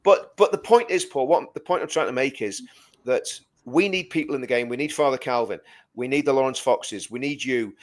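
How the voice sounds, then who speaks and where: A brisk man with a medium-pitched voice co-hosts a casual live stream, speaking emphatically and repeating words to build toward his point.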